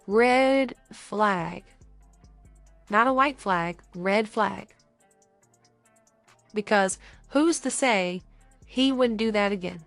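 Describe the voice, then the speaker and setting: A woman's voice: medium pitch, drawn-out words, long pauses, no room sound, soft background music. A young woman co-hosting a podcast, chatting casually and acting out little dating scenes as she talks. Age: young adult. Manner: animated, acts out little scenes. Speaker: podcast co-host.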